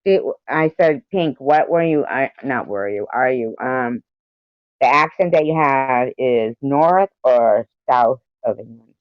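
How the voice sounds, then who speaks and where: A man's voice: mid-range voice, slow, smooth, no echo. A man hosting a livestream, chatting casually and playfully with his viewers, greeting them one by one. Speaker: livestream host. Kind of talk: casual chat with live viewers. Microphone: phone. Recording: dull lo-fi audio.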